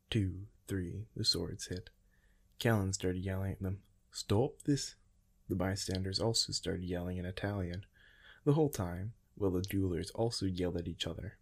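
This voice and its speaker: A man narrating first-person fiction in a steady, measured reading. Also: low-pitched, slightly rough. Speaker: audiobook narrator.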